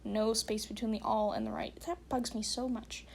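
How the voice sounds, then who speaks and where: A woman's voice: a little high, flat delivery, moderate pace, creaky. A woman hosting a podcast, reading online horror stories aloud with blunt, sarcastic commentary and apologetic asides. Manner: blunt, sarcastic, nitpicks grammar.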